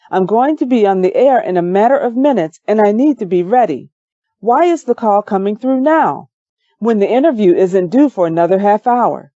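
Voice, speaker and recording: A woman giving a measured, calm first-person audiobook narration on a close mic, in a slightly dull recording. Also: medium pitch, no room sound.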